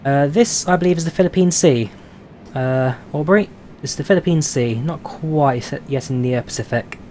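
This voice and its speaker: A man's voice: fairly high pitch, moderate pace, a little mellow, slight background noise. Chatty London man streaming. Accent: London English. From London, England. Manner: chatty, reads out viewer questions and answers them with many "uh"s. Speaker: flight sim streamer. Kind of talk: casual live-stream chat while flying a simulator.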